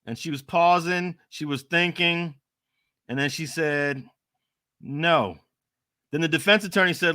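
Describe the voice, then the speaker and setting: Bright-voiced man recounting testimony. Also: on the high side, smooth, no room sound, studio quality. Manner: measured, matter-of-fact recounting. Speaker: panelist recounting trial testimony.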